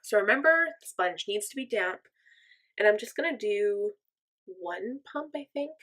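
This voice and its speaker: A woman's voice: mid-range voice, expressive, a little slow, a bit bright. Chatty young woman doing a makeup tutorial. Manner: chatty, upbeat, self-deprecating. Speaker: makeup vlogger. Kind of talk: casual makeup tutorial chat.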